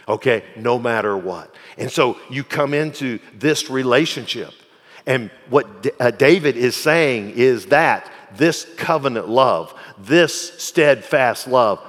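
A man's voice: medium pitch, expressive, slow. Man preaching in a reverberant hall. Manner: conversational preaching, shifts from soft asides to emphatic repetition. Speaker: pastor. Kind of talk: sermon.

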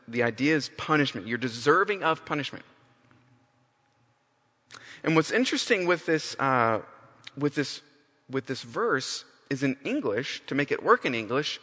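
A man's voice: mid-range voice, pushed and bright. A man preaching a sermon, emphatic, often restarting and repeating phrases. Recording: long hall reverb.

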